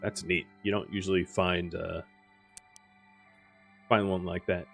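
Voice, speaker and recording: Lower-voiced man commentating his game. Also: flat delivery, a little slow, creaky, faint music behind. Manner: thinking aloud, explanatory, with frequent fillers. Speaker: gaming video host.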